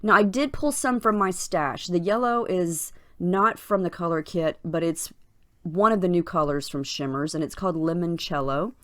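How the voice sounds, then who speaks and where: A woman's voice: on the low side, a bit bright. Scratchy-voiced woman narrating her crafting. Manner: chatty, unhurried, frequent fillers. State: scratchy morning voice. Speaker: crafting channel host. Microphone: voiceover recorded separately from the footage.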